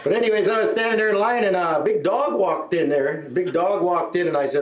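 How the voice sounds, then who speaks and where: Man doing stand-up, fairly high voice. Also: brisk, poor audio. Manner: storytelling with tag questions and asides, self-deprecating. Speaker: stand-up comedian. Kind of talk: stand-up comedy set. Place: indoor venue with live audience. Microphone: stage microphone on a stand.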